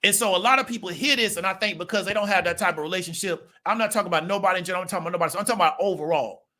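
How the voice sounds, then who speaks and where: A channel host speaks to his viewers in a high-pitched, racing voice with a sharp tone. His monologue is casual and conversational, punctuated by rhetorical "right?" check-ins.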